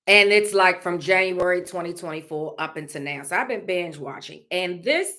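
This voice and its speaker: A woman's voice: fairly low pitch, moderate pace, sharp tone. A woman vlogger talking openly and casually, rambling with many fillers and laughing now and then. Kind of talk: casual heartfelt vlog talk.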